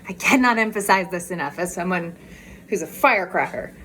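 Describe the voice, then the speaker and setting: A woman's voice: fairly low pitch, normal speed, a bit bright, a little hiss or hum. A woman vlogger chatting candidly in a casual walk-and-talk video, talking outdoors as she walks.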